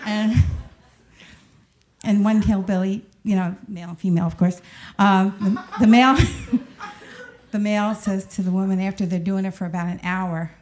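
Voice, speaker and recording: A woman's voice: medium pitch, a little slow, long pauses, background noise. This is a woman in her sixties with a New York accent, working a stand-up set on a club stage. She talks in a loose, rambling, conversational way and keeps laughing at her own jokes. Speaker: stand-up comic.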